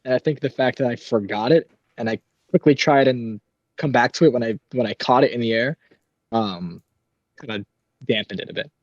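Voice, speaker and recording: Soft-spoken comedian man on a dull, dry mic. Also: medium pitch, moderate pace, no room sound. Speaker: comedian guest. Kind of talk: casual chat reflecting on own set.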